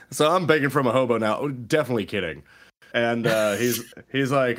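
A man's voice: mid-range voice, animated, moderate pace, fairly bright tone. A man co-hosting a casual chat, telling stories with lots of laughs and quoting people in put-on voices. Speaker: podcast co-host.

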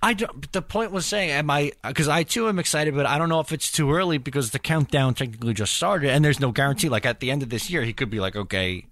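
A man's voice: on the high side, quick pace, few pauses, a bit bright, dry recording. A man co-hosting a podcast in casual chat, rambling with lots of fillers. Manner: rambling, filler-heavy, overthinking. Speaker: podcast co-host.

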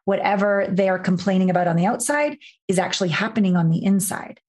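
Podcast guest: woman intimacy coach, animated storyteller, swears freely, voices her anecdotes. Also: mid-range voice, fast.

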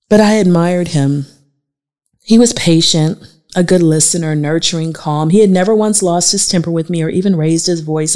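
A woman's voice: medium pitch, darkish tone. A woman in her forties from the Southern United States, with a Southern American accent, reading her own memoir aloud in an emotional, confessional way. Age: 40s. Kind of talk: audiobook memoir narration.

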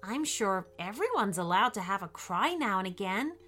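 A woman voicing a polite, gentle little girl in a storybook reading, speaking higher than her narration. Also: sing-song, normal speed, faint music behind.

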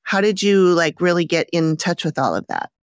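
Female host, lower voice, dry close mic; relaxed, giggly interviewer. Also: normal speed, clean tone, no echo. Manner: laughs often, warm follow-up questions. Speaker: podcast host. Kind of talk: casual interview chat.

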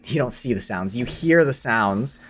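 A man's voice: medium pitch, expressive, moderate pace, fairly bright tone. A man narrating as game master in casual, hesitant speech full of fillers.

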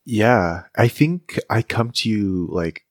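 A man's voice: on the low side, lively intonation, slow pace, dry recording, clean studio sound. A man improvising a story in casual chat, laughing often and loosely filling his talk with "like". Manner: giggly, loose, drops lots of "like"s.

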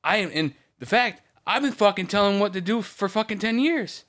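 A man's voice: high voice, animated, a little fast, fairly bright tone. A man in his thirties ranting heatedly in casual podcast chat, swearing often. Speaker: podcast co-host.

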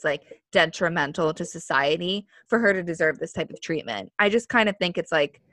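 A woman's voice: lowish voice, a bit bright, no echo. A young woman in her twenties co-hosting a casual podcast, chatty and opinionated, full of "like" fillers. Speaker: podcast co-host. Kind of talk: casual chat.

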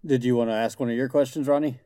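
A man hosting a podcast interview, relaxed as he guides the talk. His voice is smooth and clear, and the sound is dry and close. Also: medium pitch, fast talker, no room sound. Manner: relaxed, steers the conversation. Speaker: podcast host.

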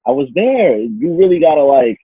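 A man's voice: a little high, sing-song, normal speed, husky, no echo, phone-quality sound. A man guesting on a podcast, talking in a laid-back, slangy, grateful way. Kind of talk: casual interview chat.

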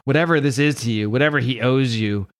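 A man voicing a hulking green male monster who speaks in short, gruff, threatening lines. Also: mid-range voice, fast, natural voice. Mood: blunt.

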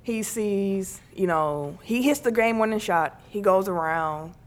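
A woman co-hosting a sports podcast, telling stories in an animated way and laughing often. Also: medium pitch, a little slow. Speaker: podcast co-host. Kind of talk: casual sports chat.

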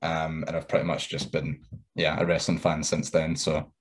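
A man's voice: very deep voice, level tone, moderate pace. A man in his thirties, a wrestler guest, easygoing and rambling. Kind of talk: casual interview chat.

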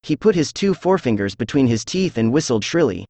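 A synthesized male voice narrating a classic story as an audiobook, reading in an even way with little change between characters. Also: mid-range voice, brisk, dry recording.

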